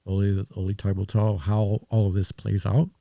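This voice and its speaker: A man's voice: fairly low pitch, little pitch movement, normal speed, gravelly, dark tone, dry recording, clean studio sound. A man talking as a podcast guest in casual conversation, reflective and rambling with restarts.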